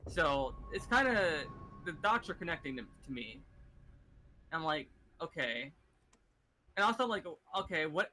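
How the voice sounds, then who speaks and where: Ranting profane man, higher voice. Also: very animated, moderate pace, bright, forceful tone, slight background noise, rough recording. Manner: ranting, profane, lots of fillers and restarts. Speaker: gaming streamer. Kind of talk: casual chat.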